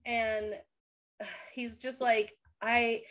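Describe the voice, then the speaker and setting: Brief: young woman co-host, slightly high voice, talkative and teary, laughs while she cries, into a studio mic. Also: flat delivery, very slow, fairly bright tone. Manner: emotional, tearful, laughing through sobs. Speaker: podcast co-host. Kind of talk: casual recap chat. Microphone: studio microphone.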